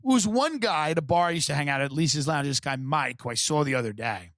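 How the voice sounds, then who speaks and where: A man's voice: fairly high pitch, lively intonation, fast talker, a bit bright, no echo, studio quality. A man from Long Island telling rambling, sardonic stories as a comedian podcast host. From Long Island, New York. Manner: rambling, sardonic, jumps between voices. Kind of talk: casual storytelling.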